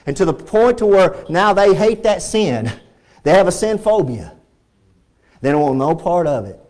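Fervent high-voiced Texan preacher man. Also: sing-song, moderate pace, darkish tone. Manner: fervent, repetitive preaching, rising to emphatic peaks. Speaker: pastor. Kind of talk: sermon. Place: church sanctuary.

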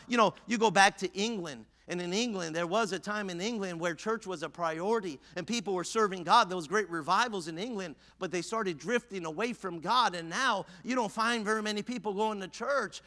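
A man's voice: sits high, fairly quick, few pauses, bright, forceful tone, big-room sound. A man preaching a fervent sermon as pastor in a church, now and then acting out the imagined voices of his listeners. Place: church sanctuary.

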